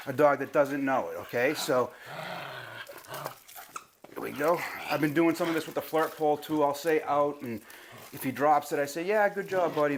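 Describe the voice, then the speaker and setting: Easygoing male dog trainer, slightly high voice. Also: slight background noise. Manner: talks to the viewer and praises the puppy in a high, drawn-out voice. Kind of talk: casual instructional video. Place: training a puppy, moving around.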